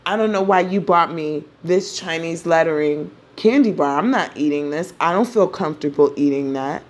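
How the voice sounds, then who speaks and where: A woman's voice: deep voice, normal speed, natural voice. A woman voicing the Moon as an uneasy, cautious figure who wants comfort, in a hesitant, fretful way.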